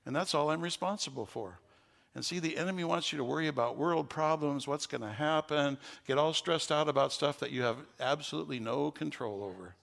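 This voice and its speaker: An older man, a pastor with a gravelly voice, preaching a sermon with folksy stories that rise into fervent preaching. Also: fairly high pitch, a little fast, fairly bright tone, in a large hall.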